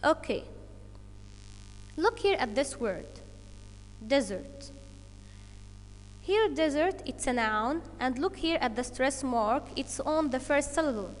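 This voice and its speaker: A woman's voice: sits high, animated, long reverb tail. A woman teacher giving an English lesson to children, explaining step by step and checking in with "okay" as she goes. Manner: slow, deliberate explaining with many "okay" checks.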